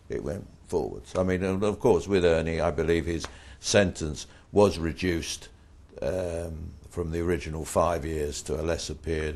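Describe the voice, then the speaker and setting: Very low-voiced older man telling anecdotes. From Britain. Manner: blunt, animated anecdotes, voices rising in quoted retorts. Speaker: interviewee. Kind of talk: anecdotal storytelling.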